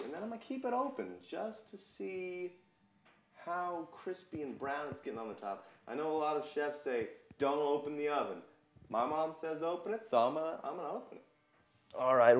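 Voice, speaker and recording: A young man with a mid-range voice talks a viewer through a cooking demo. He is chatty and folksy, narrating each step as he works in a home kitchen. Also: mid-range voice. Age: young adult. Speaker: cooking show host. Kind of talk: casual cooking demonstration.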